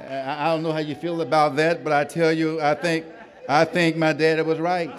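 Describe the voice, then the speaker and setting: A middle-aged man delivers a sermon to his congregation. His voice sits slightly high for a man, and he builds rhythmic refrains, drawing the room into call-and-response. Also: little pitch movement, moderate pace, big-room sound, a little hiss or hum. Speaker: pastor. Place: church congregation.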